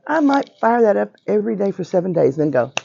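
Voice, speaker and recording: Hoarse, gravelly older woman teaching. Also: mid-range voice, sing-song, fast talker, dark tone, dry recording, dull audio. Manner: chatty and emphatic, frequent "right?" and "okay?" check-ins. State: hoarse, voice nearly gone. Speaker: witchcraft teacher. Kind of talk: informal class lecture. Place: metaphysical shop classroom.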